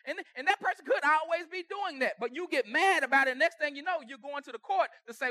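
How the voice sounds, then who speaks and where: High-voiced pastor preaching with loud bursts. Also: male voice, fast talker, hardly any pauses, no room sound. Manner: conversational preaching with sudden loud bursts and dropped asides. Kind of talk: sermon. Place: church sanctuary.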